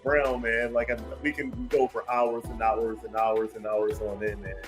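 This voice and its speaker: A man in his thirties hosting a podcast, talking in a casual chat, telling stories with lots of fillers and quick laughs. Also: on the low side, faint music behind, low-quality recording. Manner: animated storytelling, laughs easily, many fillers. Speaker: podcast host. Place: home studio with big lights.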